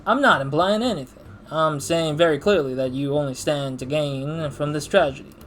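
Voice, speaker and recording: A man voicing a sharp male business rival who speaks in a pointed, accusing way. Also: fairly high pitch, normal speed, slight background noise, natural voice.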